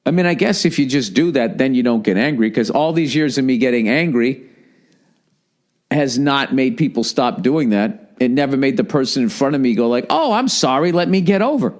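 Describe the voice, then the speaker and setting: A man's voice: medium pitch, normal speed, darkish tone. Profane, rambling man. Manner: profane, exasperated rambling with frequent self-interruptions; slips into mocking put-on voices. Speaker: podcast host. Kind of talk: casual solo monologue.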